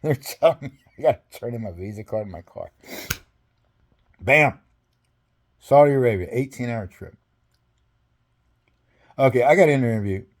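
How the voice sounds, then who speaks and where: An older man recounts an old story as an interview guest. He rambles, laughs often and acts out both sides of conversations. His voice sits at a middle pitch for a man. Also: expressive, moderate pace, pauses often.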